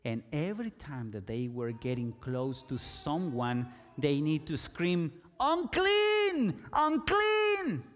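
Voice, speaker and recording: A man preaching a sermon, slow and emphatic, sometimes rising to loud cries. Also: mid-range voice, expressive, soft background music. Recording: long reverb in a hall.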